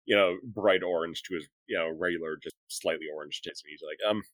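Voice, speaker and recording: A man playing a tabletop role-playing game, talking in an animated way and switching between character voices. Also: low-pitched, fairly quick, dry recording. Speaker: tabletop player.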